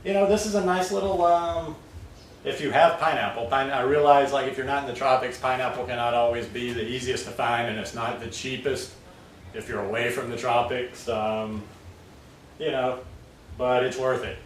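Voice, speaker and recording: A man vlogging from home while making smoothies rambles casually and fills his speech with fillers, using a mid-range voice at normal speed with fairly even intonation. The recording has a roomy, distant-mic sound, faint ambience, and a slight hiss or hum.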